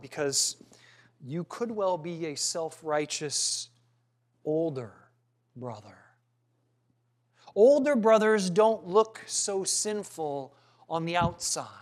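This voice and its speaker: A man preaching a sermon, earnest and questioning, with dramatic pauses and some restarts. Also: high-pitched.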